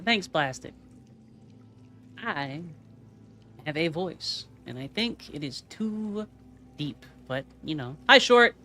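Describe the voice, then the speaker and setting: A man's voice: fairly high pitch, animated, takes it slowly, pauses often, over music. A male streamer chatting casually and teasing his viewers, laughing often while a game plays. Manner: playful, teasing chat with lots of laughter. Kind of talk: casual live-stream chat.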